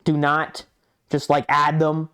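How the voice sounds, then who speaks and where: A man's voice: a little high, completely flat delivery, slow pace, sharp tone, smooth. A young man co-hosting a podcast in casual chat, telling a rambling story, acting out chat messages and swearing often. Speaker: podcast co-host.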